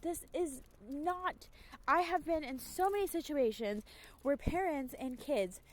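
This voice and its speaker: A young woman talks casually to camera with a high, bright-toned voice. She is emphatic and chatty, and she breaks into quick acted asides while giving dog-training advice. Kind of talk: casual talking-head advice.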